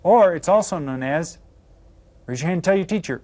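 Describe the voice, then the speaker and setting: A man's voice: on the high side, expressive, darkish tone. Upbeat man teaching Spanish to children. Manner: upbeat, cues students with counts, slow careful Spanish words. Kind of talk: recorded classroom video lesson for children.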